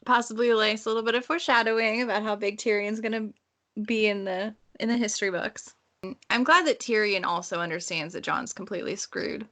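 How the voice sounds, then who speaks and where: A woman with a bright, forceful voice sits at mid pitch. She talks through a book in a casual podcast chat and brings in a wry, dry sarcasm. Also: a little fast. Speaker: podcast co-host.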